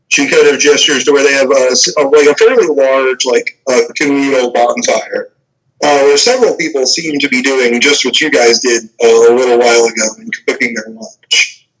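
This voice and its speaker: A man narrating as game master, halting, with many fillers. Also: mid-range voice, fairly even intonation, fairly bright tone, rough recording.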